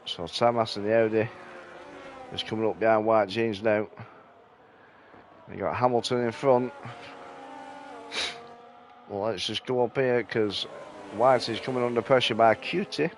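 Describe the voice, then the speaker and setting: A man's voice: on the low side, measured pace, pauses often, a little hiss or hum. Sleepy, laid-back male race commentator. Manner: relaxed, sleepy, yawning between calls. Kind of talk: casual live-stream race commentary. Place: at home on a sofa.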